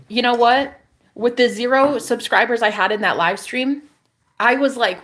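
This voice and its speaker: A woman vlogger speaking to her audience in a loose, unscripted monologue. Her voice sits at an ordinary middle pitch, and her delivery is candid and emphatic, peppered with curse words. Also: a little slow, a bit bright. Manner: candid, profane, emphatic self-talk. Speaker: content creator. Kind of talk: casual vlog monologue.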